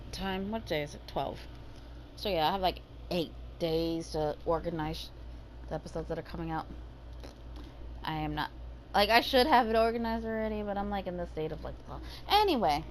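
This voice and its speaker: A woman's voice: fairly high pitch, a little hiss or hum, poor audio. A woman ranting casually about her day, swearing heavily and using lots of fillers. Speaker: gaming vlogger.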